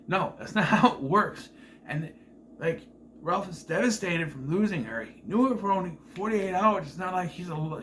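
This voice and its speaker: Here a man's slightly high, fairly bright voice carries a loose, rambling review of a season of TV. He corrects himself and uses fillers a lot, occasionally dropping a wry, disbelieving comment, over slight background noise.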